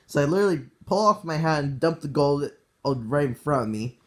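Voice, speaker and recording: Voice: mid-range voice, normal speed. A player casually retelling a tabletop game session, rambling with many "like"s and "uh"s and chuckling between bits.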